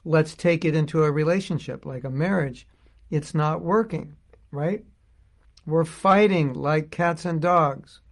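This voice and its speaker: A man's voice: fairly high pitch, measured pace. A middle-aged man giving an informal spiritual talk, thinking aloud and searching for his words as he goes. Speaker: spiritual teacher.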